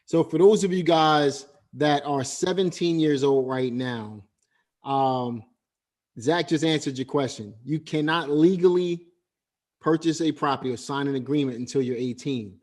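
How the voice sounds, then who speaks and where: Guy hosting, bit of a higher voice, breaks down the lessons for viewers, keeps saying right?. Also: a little slow, a little mellow. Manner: recaps points for viewers, asks "right?". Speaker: host. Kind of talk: interview commentary.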